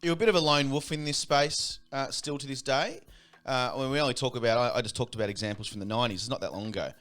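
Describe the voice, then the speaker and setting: A man's voice: mid-range voice, quick pace, fairly bright tone. A man hosting a casual radio chat, laughing often and encouraging his guest. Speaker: radio host.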